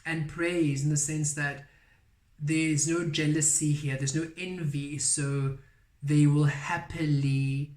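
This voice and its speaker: Guy doing a spiritual tarot reading, kinda high voice but flat, lots of repeated affirmations, echoey room. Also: measured pace. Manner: soft-spoken, repeats affirmations. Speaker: tarot reader. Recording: roomy echo.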